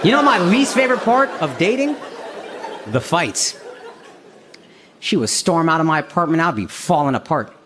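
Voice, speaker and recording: A man's voice: on the high side, big pitch swings, moderate pace, long pauses, fairly bright tone, slight background noise. An American man in his thirties from Texas doing brash, profane stand-up comedy with crowd work, recorded live on stage.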